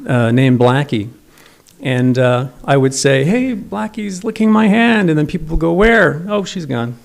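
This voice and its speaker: Gravelly man telling wry stories. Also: mid-range voice, a little mellow. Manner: wry, self-deprecating storytelling. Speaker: son giving a eulogy. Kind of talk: memorial eulogy with humorous anecdotes. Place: memorial service.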